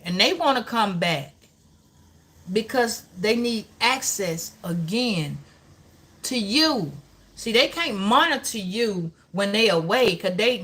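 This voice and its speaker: Bright-voiced woman, profane and preachy. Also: medium pitch. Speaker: tarot reader. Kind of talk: live-stream tarot reading.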